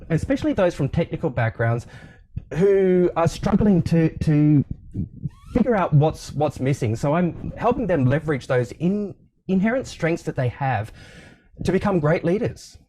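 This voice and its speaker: Australian male coach, mellow timbre, relaxed anecdotal delivery, video-call guest. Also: fairly high pitch. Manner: relaxed, storytelling, with frequent ums and restarts. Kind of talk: casual interview conversation.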